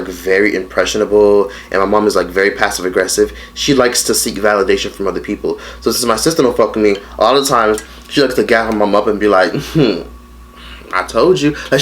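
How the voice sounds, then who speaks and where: A man in his late teens telling a story in a casual mukbang vlog, blunt and profane, rambling with lots of fillers. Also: on the low side. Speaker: vlogger.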